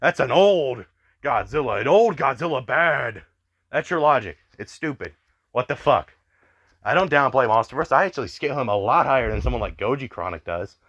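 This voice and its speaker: A man's voice: mid-range voice, expressive, a little fast, a bit bright. A young man ranting in exasperated online commentary, swearing often and filling his talk with "like". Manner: exasperated, swears a lot, many fillers. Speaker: commentary youtuber.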